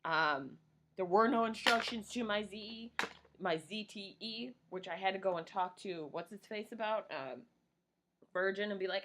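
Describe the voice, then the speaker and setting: A woman's voice: mid-range voice, moderate pace, heavy background noise. Rambling, swearing woman in her thirties. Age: 30s. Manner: rambling, profane and self-mocking. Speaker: vlogger. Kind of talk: casual chat while doing makeup.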